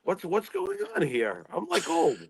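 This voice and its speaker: A man's voice: high-pitched, wildly swooping pitch, a little slow, crowd noise. A man co-hosting a casual wrestling talk show, sarcastic and swearing freely. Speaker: co-host.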